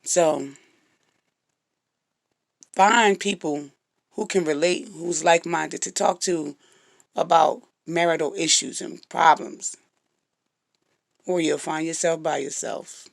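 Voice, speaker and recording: A middle-aged woman with a gravelly morning voice, giving frank relationship advice to her viewers and sometimes tripping over her words. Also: deep voice, fairly even intonation, slow, long pauses, no room sound, studio quality. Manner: stumbles over words now and then; frank and direct. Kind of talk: casual advice talk to viewers.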